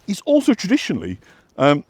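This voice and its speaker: A vlog host and walking guide from West Yorkshire, England, rambles casually on an outdoor path, full of fillers and restarts. His voice sits a bit high with a darkish, slightly rough tone, huge pitch swings, and a brisk delivery. The recording is dry, close, and without echo.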